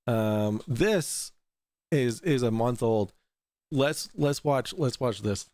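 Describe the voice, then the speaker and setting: A man's voice: medium pitch, expressive, takes it slowly, darkish tone, no echo. Rambling, laughing livestream host guy. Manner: loose, rambling, swears freely, laughs often. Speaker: livestream talk show host. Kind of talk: casual livestream chat reading super chats.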